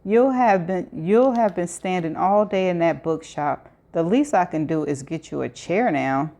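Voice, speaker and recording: A woman's voice: lowish voice, a little slow, vocal fry, mellow. A woman reading as a charming, dapper man. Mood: teasing. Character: elegant charming man in tailored suit.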